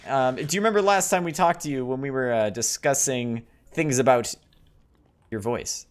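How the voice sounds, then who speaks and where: A man's voice: medium pitch, moderate pace, clean tone. A young man playing a Minecraft server, goofy and rambling with lots of hesitation. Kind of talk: casual gaming banter.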